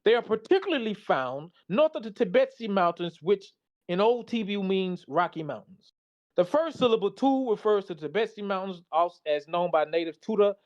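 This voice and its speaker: A man's voice: sits high, darkish tone, lo-fi sound. A tired man giving a casual, slangy presentation, reading slides aloud and reacting to them. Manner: loose, slangy, talks back to the slides.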